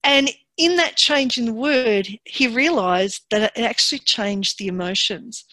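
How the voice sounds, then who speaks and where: A woman giving a workshop presentation in a calm, measured and encouraging way. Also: fairly high pitch, no room sound.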